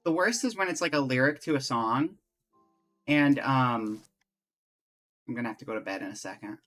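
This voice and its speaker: A chatty man live-streaming a game, rambling loosely with lots of "like" and self-mocking asides. His voice is bright and clear, with faint game music underneath. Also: mid-range voice, lively intonation, moderate pace. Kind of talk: casual live-stream chat while playing.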